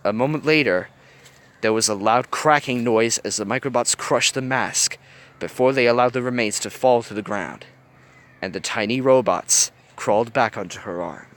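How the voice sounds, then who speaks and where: A man reading a fan fiction story aloud with animated storytelling. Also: medium pitch, normal speed. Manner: animated storytelling, varied voices. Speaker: reader.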